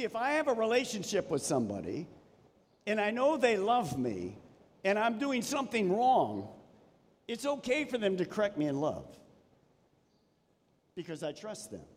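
Male pastor, mid-high voice, preaching with animated swells and quiet drops; reverberant sanctuary sound. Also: slightly rough. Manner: animated preaching, dropping to soft emphasis. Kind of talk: sermon. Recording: long reverb of a church hall.

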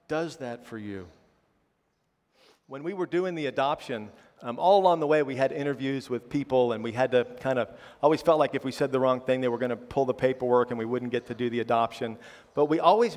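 A man's voice: medium pitch, fairly quick, a little mellow. Chatty preacher man in a big echoing hall. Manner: chatty, often adds a questioning "right?"; self-deprecating humor. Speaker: pastor. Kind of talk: conversational sermon with personal stories. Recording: long reverb of a large hall.

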